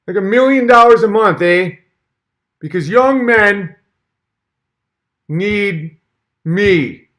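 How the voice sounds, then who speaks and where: A man's voice: sits high, expressive, fairly bright tone, pitched above the performer's own voice, heavily acted. A man voicing a mocking impression of an evasive, fussy professor who drags out his words and tacks on a Canadian "eh". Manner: mocking impression, slow and over-enunciated.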